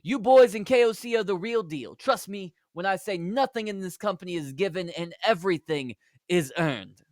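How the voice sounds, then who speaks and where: A man's voice: high voice, expressive, moderate pace, darkish tone, no echo, clean studio sound, voice pushed up. A man voicing a cocky British male wrestler, with a put-on British accent and a pompous, declaiming manner. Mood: boastful.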